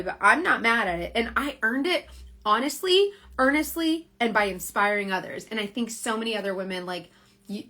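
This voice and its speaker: A woman's voice: fairly high pitch, fairly bright tone. A woman, rambling in a casual motivational livestream, full of "like" and self-corrections, speaking into a phone. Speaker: direct sales team leader. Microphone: phone on a social media livestream.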